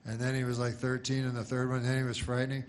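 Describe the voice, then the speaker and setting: Man, stand-up comic, deadpan, halting, meandering delivery, mid-pitched voice. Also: slight background noise. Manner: deadpan, halting, full of false starts. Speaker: stand-up comedian. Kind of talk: rambling stand-up set.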